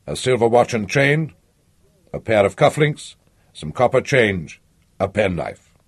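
A man narrating a literary audiobook in a measured, expressive way. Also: on the low side, husky, no echo.

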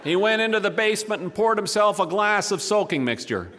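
A man's voice: sits high, expressive, brisk, noisy background. A man telling a humorous story to a live audience, with wry asides. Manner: wry, dry comic delivery with asides.

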